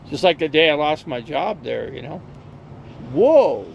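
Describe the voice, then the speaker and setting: A man's voice: on the high side, a little fast, vocal fry, dull audio, slight background noise. A man streaming from an RV, chatting casually and rambling through stories with lots of fillers and restarts. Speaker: live streamer.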